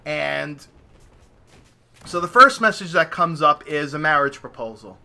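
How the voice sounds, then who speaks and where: Young guy hosting a podcast, high bright voice, casual storytelling, swearing, acting out his reactions. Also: a little slow, creaky. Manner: animated, profane, acts out his own reactions. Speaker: podcast host.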